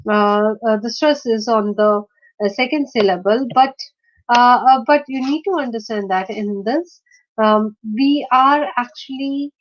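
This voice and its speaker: A woman lecturing on word stress, hesitating often and slowly sounding out example words. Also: a little high, muffled recording. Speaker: teacher.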